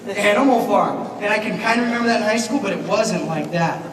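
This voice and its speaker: High-voiced man speaking in an echoey hall. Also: quick pace, crowd noise. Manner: animated, asks the audience questions. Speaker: keynote speaker, teacher. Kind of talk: banquet keynote speech. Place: large banquet hall. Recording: echoey hall, mic from far off, noisy.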